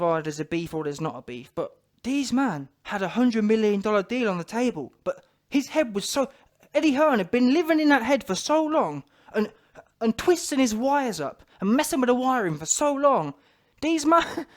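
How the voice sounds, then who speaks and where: Slangy man ranting about boxing. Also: high voice. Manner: animated, slangy, laughs often. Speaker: boxing commentator. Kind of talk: casual rant to camera.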